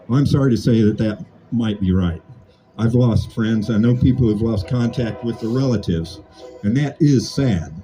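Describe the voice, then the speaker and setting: A man's voice: medium pitch, dark tone, poor audio. A man in his late sixties giving an impassioned protest speech outdoors, building his points through repetition. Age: 60s. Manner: impassioned, repetitive rhetorical cadence. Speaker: protest speaker. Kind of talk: rally speech.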